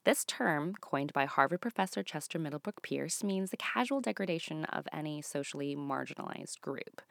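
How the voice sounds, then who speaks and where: A woman in her late thirties doing a stand-up comedy monologue, dropping to hushed asides and bursting into loud exclamations. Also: on the low side, moderate pace, gravelly, hardly any pauses, no echo, clean studio sound. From Canada. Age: 30s.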